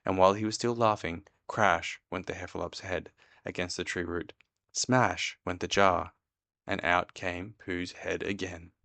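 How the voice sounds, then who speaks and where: Dad narrator for a bedtime storybook: low voice, expressive and measured, dry close sound. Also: male voice, gravelly, dry recording. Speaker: father reading to his child. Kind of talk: reading a storybook aloud.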